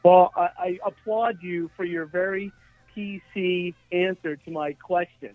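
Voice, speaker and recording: A man's voice: high voice, steady tone, unhurried, dry recording, phone-quality sound. A man calling in to a show, teasing the guests and swearing casually. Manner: teasing, profane. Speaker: caller. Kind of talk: casual call-in banter.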